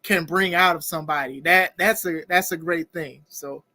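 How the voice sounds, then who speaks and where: Podcast host, man, lively and laughing, close dry mic. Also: on the high side, moderate pace, no room sound. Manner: animated, laughs often, reads viewer comments aloud. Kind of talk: casual interview chat.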